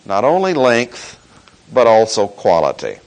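A man delivers a Bible-teaching sermon with a measured, emphatic delivery. His pitch moves freely up and down as he leans on key words, slowing right down for stress. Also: wildly swooping pitch, darkish tone, low-quality recording. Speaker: preacher. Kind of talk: expository sermon.

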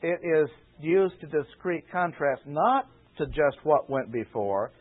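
A man preaching, giving a deliberate expository Bible lesson and repeating key phrases for emphasis. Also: a little high, expressive. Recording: tinny phone-like old radio recording.

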